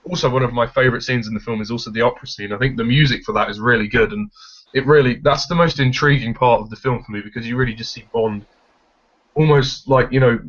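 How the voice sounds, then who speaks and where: A man's voice: medium pitch, steady tone, fast talker, a bit bright. A man giving his blunt, opinionated take on a film in a casual discussion. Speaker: film reviewer. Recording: dull lo-fi recording.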